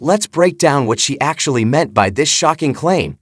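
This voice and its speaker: Male narrator, dramatic moralizing voice-over, lively pitch, dry. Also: moderate pace, husky, no echo. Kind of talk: scripted voice-over commentary.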